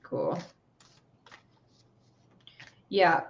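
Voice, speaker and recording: A middle-aged woman hosting a livestream, leading a guided meditation and giving tarot readings in a gentle, casual, rambling way over a video call. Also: takes it slowly. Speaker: spiritual reader and stream host. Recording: dull lo-fi stream audio.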